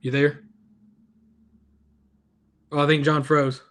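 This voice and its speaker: A man's voice: a little high, level tone, slow, fairly bright tone. A man hosting a casual youth devotional over a video call, chatty and self-deprecating. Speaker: youth ministry devotional host.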